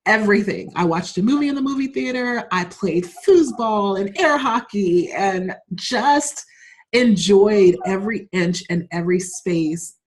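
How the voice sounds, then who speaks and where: A woman's voice: mid-range voice, a little slow. A woman guest in a casual interview, telling personal stories with frequent laughs and open emotion. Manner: warm, laughing, openly emotional storyteller.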